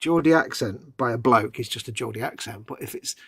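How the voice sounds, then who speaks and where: Chatty man with a husky voice. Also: medium pitch, fairly quick, no room sound. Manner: chatty, laughs often, drifts into soft trailing asides. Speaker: livestream co-host. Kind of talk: casual chat.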